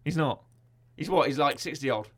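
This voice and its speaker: A man's voice: a little high, fairly quick, fairly bright tone, slight background noise. A man co-hosting a casual film review podcast, playful and teasing, rambling with frequent restarts. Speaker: podcast co-host.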